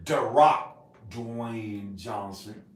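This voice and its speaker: Rambling man, slow talker, echoey room. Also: lowish voice, recorded from a distance, heavy background noise. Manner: rambling, jumps between topics, sudden loud laughing outbursts. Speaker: vlogger. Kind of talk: rambling casual monologue.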